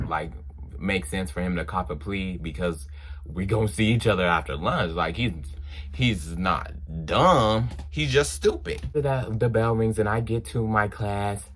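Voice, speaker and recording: A young man, telling a casual story and acting out the dialogue in quotes. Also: fairly low pitch. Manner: animated, acts out dialogue in quotes. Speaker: storytime vlogger.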